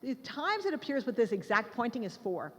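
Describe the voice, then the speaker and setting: A woman lectures to a live audience, keeping it conversational and joking with her listeners. Her pitch rises and falls a lot as she explains. The sound carries a long hall reverb. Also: big pitch swings, a little fast, fairly bright tone, a little hiss or hum. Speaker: lecturer on the Hebrew Bible.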